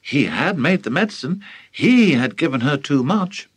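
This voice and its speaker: An older British man narrating a children's audiobook with theatrical, highly expressive storytelling. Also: moderate pace, breathy edge. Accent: British English. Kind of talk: audiobook reading.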